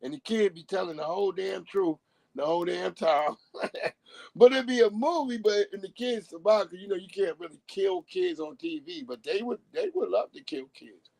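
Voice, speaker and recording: A man's voice: sits high, lively intonation, moderate pace, vocal fry, darkish tone, no room sound, rough recording. A man on a live stream, ranting bluntly in casual talk and acting out the voices of people he quotes. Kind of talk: casual profane rant.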